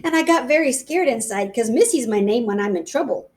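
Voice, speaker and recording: A woman reading a children's chapter book aloud in a playful, lively voice. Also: fairly high pitch, fairly quick. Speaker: reader. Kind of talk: storybook read-aloud.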